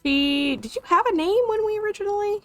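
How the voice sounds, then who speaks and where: A woman streaming a video game live, chatting excitably, swearing and joking as she comments. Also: extremely high pitch, brisk, no room sound, soft background music.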